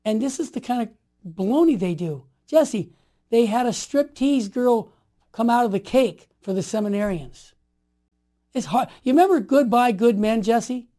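A man in his sixties, a guest telling stories with passion and rising into forceful exhortation. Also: very high voice, lively intonation, moderate pace. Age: 60s. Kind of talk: impassioned storytelling.

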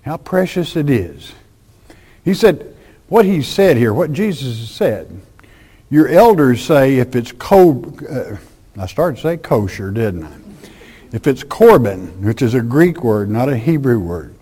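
A man preaching a folksy, emphatic sermon, swinging between loud declarations and hushed asides. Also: medium pitch, big pitch swings, measured pace, breathy edge.

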